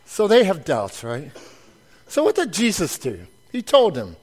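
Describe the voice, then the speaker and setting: Male pastor, high voice, dynamic sermon that swings between quiet asides and forceful peaks. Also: huge pitch swings, unhurried. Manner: dynamic delivery swinging from soft asides to loud emphatic preaching.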